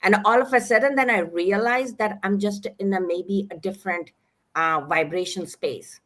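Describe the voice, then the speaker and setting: A woman on a virtual panel speaking reflectively, pausing to search for words. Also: medium pitch, a bit bright. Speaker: summit speaker. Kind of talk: panel discussion. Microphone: video call.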